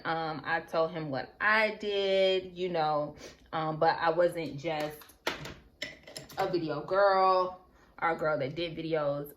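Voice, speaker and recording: A young woman vlogging, telling a rambling personal story while she does her makeup, talking straight to her viewers. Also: fairly low pitch. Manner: chatty, rambling, addresses viewers as girl and y'all.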